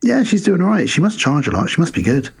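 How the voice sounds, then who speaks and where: A man co-hosting a podcast, casually retelling film scenes and acting out the characters' lines in quick snatches. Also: a little high, wildly swooping pitch, creaky, slightly rough. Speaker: podcast co-host. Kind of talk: casual film review chat.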